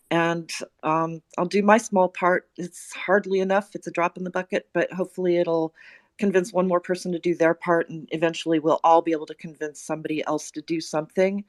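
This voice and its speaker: A woman speaking earnestly and emotionally in an audio chat room, halting with many pauses and fillers. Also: on the low side, no echo. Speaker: guest speaker.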